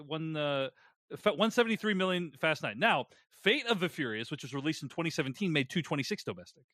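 A male podcast host with a somewhat high, animated voice that rises and falls a lot. He talks at length, hedging and restarting, and he sounds close and dry on the mic. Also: quick pace, no echo. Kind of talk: casual podcast chat.

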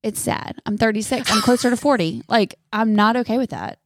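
A woman's voice: a little high, fairly quick, no room sound, clean studio sound. A woman, co-hosting a podcast in bubbly, dramatic casual chat and laughing often. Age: 30s. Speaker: podcast co-host.

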